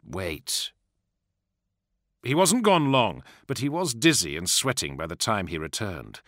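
A man narrating an audiobook in a measured, dramatic way, with hushed asides. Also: lowish voice, no echo, clean studio sound.

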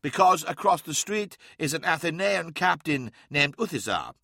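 A man doing a calm, proud warrior-mentor. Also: fairly high pitch, vocal fry, no echo, voice pushed up, exaggerated voice. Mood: commanding. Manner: measured, instructive.

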